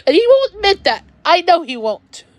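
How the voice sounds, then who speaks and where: A woman's voice: very high-pitched, very animated, moderate pace. A woman livestreaming from home, talking in a rambling, upset way and often restarting her sentences. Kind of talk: emotional personal livestream monologue.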